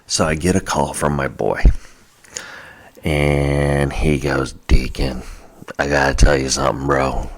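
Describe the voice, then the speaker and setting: A man's voice: a bass voice, little pitch movement, a little slow. A man hosting a podcast, telling a casual story in a jokey way and acting out the people he quotes. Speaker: podcast host.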